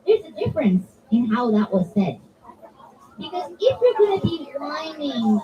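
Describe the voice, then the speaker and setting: A woman's voice: high-pitched, normal speed, far from the mic, muffled recording, a little hiss or hum. A woman giving an interactive religious talk to children, acting out her examples. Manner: animated, acts out examples in voices. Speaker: children's religious class speaker. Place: religious center hall.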